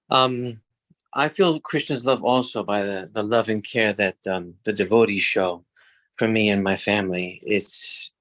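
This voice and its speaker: A man sharing a personal story on a video call, hesitant with many pauses and restarts, acting out voices as he tells it. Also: lowish voice, no echo, rough recording. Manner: acts out voices in his story. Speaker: class participant.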